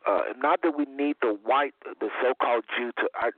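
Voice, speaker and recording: A man's voice: mid-range voice, moderate pace, no echo. Man hosting a call-in radio show. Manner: rambling, informal, repeats himself. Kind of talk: casual radio talk. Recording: tinny phone line, dry.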